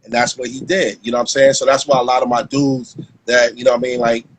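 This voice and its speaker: A man's voice: mid-range voice, little pitch movement, quick pace, breathy edge, rough recording. A man, a former basketball player talking casually as a guest, rambling and repeating himself. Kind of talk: casual chat.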